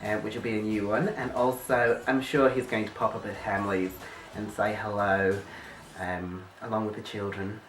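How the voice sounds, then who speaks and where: A man's voice: on the low side, level tone, moderate pace, a little hiss or hum. A man, a guest in a comic mock interview, talking in a playful, rambling way with restarts. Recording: roomy and distant.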